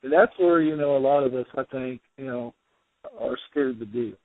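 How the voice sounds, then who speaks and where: A man from the US Midwest talking as a podcast guest, halting, with many fillers and restarts. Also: medium pitch, no echo. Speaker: guest, home inspector. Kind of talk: casual interview chat. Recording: dry, phone-like narrow sound.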